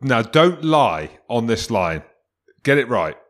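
Scottish male podcast cohost, mid-pitched, teasing, mock-serious grilling, casual banter. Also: sing-song, slow pace. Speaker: podcast co-host.

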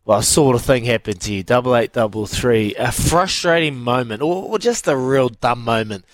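Co-hosting a radio show, a man with a medium-pitched voice speaks at a normal speed in a dry recording. He tells a story in easygoing chat, animated and laughing as he acts out the quotes.

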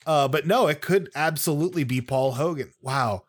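A man's voice: on the high side, moderate pace. A man co-hosting a wrestling podcast in casual chat, joking and rambling with plenty of asides. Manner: chatty and jokey, with many fillers and asides.

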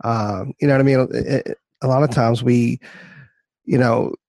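A man's voice: mid-range voice, steady tone, normal speed, darkish tone, no room sound. A male interviewer giving affirming, reflective responses in a conversational interview.

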